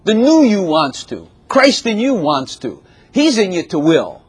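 A man preaching with a husky, somewhat high voice that swoops all over. His delivery is conversational and animated, breaking into sudden exclamations. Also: measured pace. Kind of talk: sermon.

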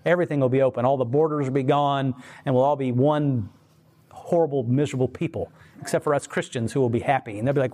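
A man giving a casual, rambling faith talk, animated, laughing often and putting on voices for quoted people. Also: mid-range voice, fast talker. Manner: rambling, many fillers and restarts. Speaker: Christian speaker.

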